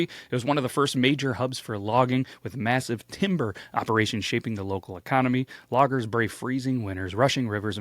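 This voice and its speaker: A man's voice: medium pitch, dry recording. A man hosting a casual storytelling show, playful and jokey, with big swoops of emphasis. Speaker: host.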